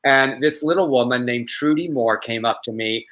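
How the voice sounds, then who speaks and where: Man, middle-aged, co-host, bright voice, rambling and chatty. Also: mid-range voice, normal speed, poor audio. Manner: rambling storyteller with restarts. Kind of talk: casual live show chat.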